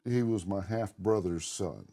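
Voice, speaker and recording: A man's voice: low voice, unhurried, warm tone. A middle-aged man co-hosting a podcast, telling long personal stories in a blunt, casual way and swearing freely. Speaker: podcast co-host. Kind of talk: casual conversation.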